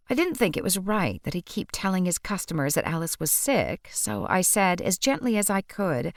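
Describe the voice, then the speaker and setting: Female audiobook narrator, wry, low-pitched, very dry close recording. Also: sing-song, moderate pace, few pauses, dry recording.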